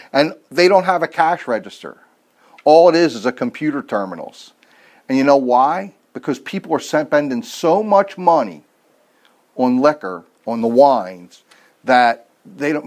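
A man's voice: mid-range voice, lively intonation, normal speed. A man preaching a casual sermon, telling everyday stories and asking rhetorical questions, with self-deprecating asides. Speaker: pastor.

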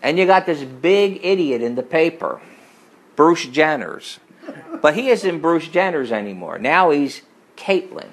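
A middle-aged man preaching a sermon full of personal stories. He talks emphatically, rising to forceful peaks and dropping into low asides. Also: rough recording. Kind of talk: sermon with storytelling.

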